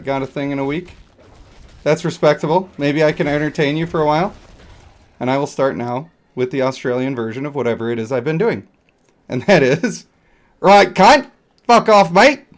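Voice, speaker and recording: A man with a medium-pitched, darkish voice streams a video game, chatting casually over the gameplay. His talk rambles, jokes, and pokes fun at himself.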